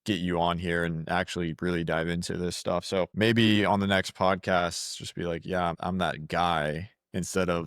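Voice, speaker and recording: A man's voice: low voice, moderate pace, hardly any pauses, clean tone, no room sound, studio quality. A man hosting a podcast, talking casually and hyping up his guest. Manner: relaxed, hypes up his guest. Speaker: podcast host.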